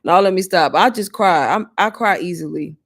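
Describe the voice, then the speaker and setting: An adult mother hosts a casual live Q&A stream, answering viewer questions, chatting and laughing often, and calling her viewers "y'all." Her voice is fairly low-pitched and goes at a normal speed.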